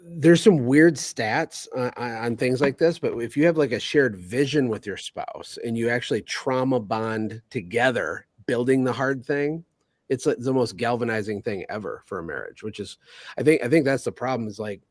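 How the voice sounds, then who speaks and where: A man's voice: medium pitch, no echo. Sarcastic male guest on a phone call. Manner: sarcastic, energetic, rapid asides. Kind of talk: casual chat.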